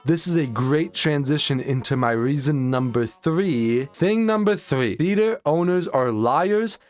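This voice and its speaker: A young man rants in an online video about going to the movies, exasperated and sarcastic, swearing freely. His voice sits a little high for a man and jumps higher when he gets worked up. Soft music plays faintly under him. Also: animated, a little slow. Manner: exasperated, profane, sarcastic ranting. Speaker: online film commentator. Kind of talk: ranting video commentary.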